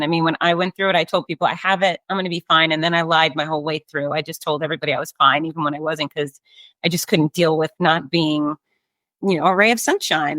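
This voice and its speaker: A woman's voice: low-pitched, dry recording. A woman hosting an interview, chatty and emphatic, sharing her own experiences. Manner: warm-hearted, emphatic, chatty. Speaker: host. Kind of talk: interview conversation.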